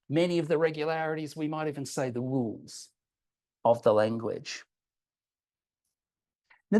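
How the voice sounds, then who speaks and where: A man's voice: fairly high pitch, darkish tone. Man giving an academic talk. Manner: explanatory, checks in with listeners; hesitant, frequent ums and restarts. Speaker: academic presenting a paper. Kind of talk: conference talk with slides.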